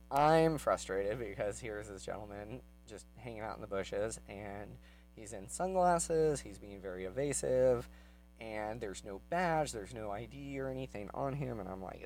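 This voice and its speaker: A man casually telling a personal story, rambling with many fillers and growing heated and quick as he retells his anger. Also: on the low side, lively intonation, darkish tone, soft background music, poor audio.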